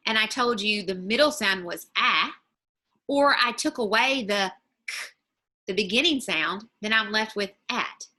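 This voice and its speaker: A woman teacher explaining reading skills to parents in a patient, step-by-step way, slowing down on example words, recorded on a computer mic while sharing her screen. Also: a little high, bright, forceful tone. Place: home or office, screen-shared video.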